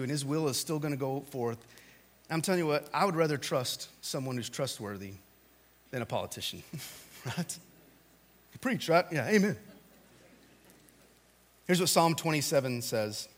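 A man preaching a sermon, talking to the congregation in a casual way, with loud, animated bursts of emphasis. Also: fairly high pitch. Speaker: pastor.

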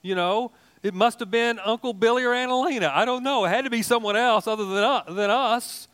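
A man's voice: high voice, fairly quick, few pauses. Folksy older male preacher. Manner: folksy and animated, with jokes and asides. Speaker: pastor. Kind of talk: sermon.

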